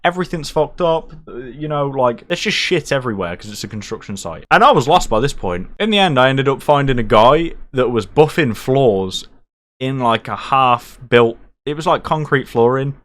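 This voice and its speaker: A young man telling a night-out story casually, animated, swearing and poking fun at himself. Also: mid-range voice, normal speed. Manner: animated, swearing, self-mocking.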